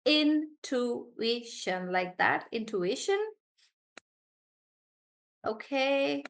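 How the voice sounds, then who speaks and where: Lady teacher on a video call, slightly high voice, cheers students on, drags out syllables slow. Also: expressive. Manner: encouraging, draws out syllables slowly when modeling words. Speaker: English pronunciation teacher. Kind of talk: live online class.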